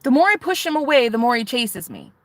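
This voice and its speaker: A woman's voice: fairly high pitch, very animated, brisk, a bit bright, no echo. A woman vlogging in a casual confessional chat, rambling and chatty with lots of fillers. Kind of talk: casual confessional vlog talk.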